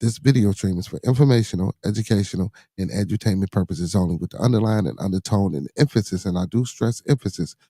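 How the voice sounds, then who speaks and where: A middle-aged man with a Chicago accent hosts his podcast alone on a live stream, sitting in a home studio. He talks in easygoing street slang, repeats his catchphrases and calls out to viewers in the chat. His voice sits low and mellow, and the sound is dry and close. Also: no echo. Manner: laid-back street slang, repeats phrases, constant "you know what I'm saying". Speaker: podcast host.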